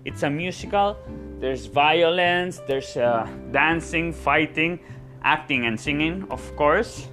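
Guy talking to his followers, slightly high voice, keeps saying yeah?, soft guitar behind. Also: animated, slow pace. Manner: chatty, repeats words, ends phrases with a questioning "yeah?". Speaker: stage actor. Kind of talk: casual vlog chat.

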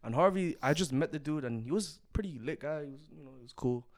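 Young guy, slangy animated storytelling, voice jumps all over, kinda high. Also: fast talker. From Manchester, England. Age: young adult. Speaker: podcast host. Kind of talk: casual chat.

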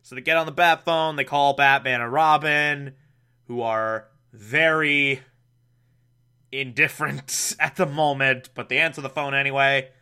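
A young man casually recapping an old show with sarcastic asides, laughing often and dropping into quick mock voices. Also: mid-range voice, steady tone, pushed and bright, smooth. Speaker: podcast host recapping a show.

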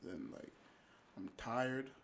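Gravelly young man from Ghana. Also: medium pitch, fairly bright tone, slight background noise. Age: young adult. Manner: laid-back, slangy, halting. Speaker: guest, college athlete. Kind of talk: casual podcast chat.

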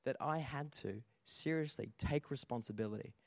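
A man delivering a sermon in an animated, storytelling way, often checking in with the congregation. His voice sits at an ordinary middle pitch. The sound is dry and close, with little room echo. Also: moderate pace. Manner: animated storytelling with audience call-outs. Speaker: pastor.

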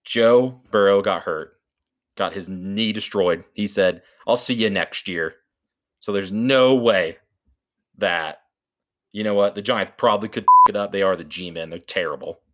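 A man co-hosting a podcast, brashly pitching sports bets in casual, swearing chat. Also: a little slow, bright, forceful tone. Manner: brash, swearing, calls his co-host baby. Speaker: podcast co-host.

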